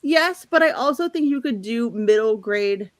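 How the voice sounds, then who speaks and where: A woman's voice: on the high side, lively intonation, normal speed, no echo. A woman from the Midwest hosting a casual book livestream, chatty and laughing often as she reads out viewer comments. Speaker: host.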